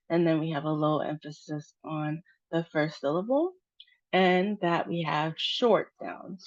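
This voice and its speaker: Slow, patient American woman teaching. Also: sits low. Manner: patient, spells out stress and syllables slowly. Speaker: pronunciation teacher. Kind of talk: slow pronunciation lesson. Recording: dull, dry, lo-fi sound.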